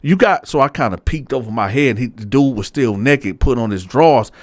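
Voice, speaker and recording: A man's voice: mid-range voice, brisk, no echo, studio quality. Slangy man telling a prison story. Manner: animated, slangy, talks straight to viewers. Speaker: storyteller host.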